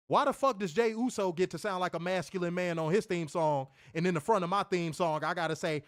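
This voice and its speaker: A man co-hosts a wrestling review podcast, ranting casually with lots of swearing, loud laughter, and mimicked voices. He's animated and talks at a quick pace with few pauses in a high voice.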